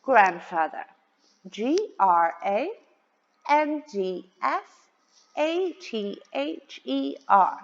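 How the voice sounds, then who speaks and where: Woman teacher for young kids, very slow and lively sing-song delivery, words spelled out; lo-fi, reverberant sound. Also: on the high side. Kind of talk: children's vocabulary lesson. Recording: dull lo-fi sound with long reverb.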